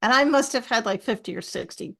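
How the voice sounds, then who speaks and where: A middle-aged woman, a podcast guest, telling stories with lively asides. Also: a little high, brisk, vocal fry. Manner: animated storyteller, lively asides. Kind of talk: podcast conversation.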